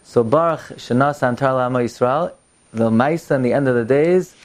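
A man telling a Torah story in a lesson. He reads lines of Hebrew text, translates them into English and sprinkles Yiddish words into his retelling. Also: normal speed. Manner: animated, climbs in pitch and volume as the story builds. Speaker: Torah teacher.

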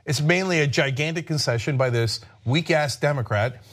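A man's voice: fairly high pitch, normal speed, fairly bright tone. A man hosting political commentary, combative and sarcastic in a heated way. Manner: combative and sarcastic, mocking voices.

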